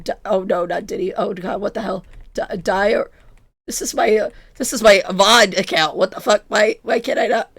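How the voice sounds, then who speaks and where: A woman's voice: mid-range voice, steady tone, normal speed, creaky, fairly bright tone, slightly rough. A woman in her twenties streaming and chatting casually, giggly and self-mocking, her voice strained from illness. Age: 20s. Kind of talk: casual chat with chat.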